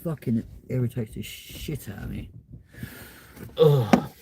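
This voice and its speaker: A man's voice: mid-range voice, slow pace, background noise. A young man presenting a casual vlog, filming on a handheld phone as he drives and walks through a supermarket, blunt, sweary and muttering asides. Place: car, then a large indoor supermarket. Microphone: handheld phone while filming.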